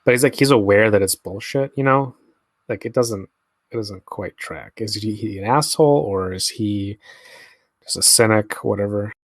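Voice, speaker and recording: A man's voice: on the low side, moderate pace, no echo, studio quality. Laid-back, swearing man musing over a movie. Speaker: film commentary host. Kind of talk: casual movie commentary.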